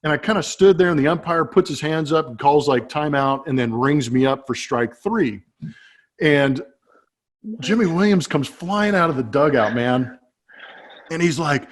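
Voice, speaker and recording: A man in his forties, a former baseball player, telling a self-deprecating story in a relaxed, chatty way with many fillers. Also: fairly high pitch, moderate pace. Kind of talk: casual anecdote telling.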